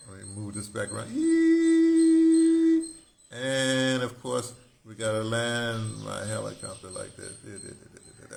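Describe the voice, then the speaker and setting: A man, a poet, explaining his own poem while thinking aloud, halting and correcting himself often. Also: mid-range voice, creaky, a little hiss or hum. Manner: musing, self-correcting.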